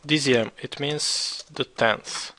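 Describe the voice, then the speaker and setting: A man teaching a beginner French lesson, repeating words slowly and spelling them out letter by letter. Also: mid-range voice, bright, forceful tone. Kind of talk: slow beginner language lesson.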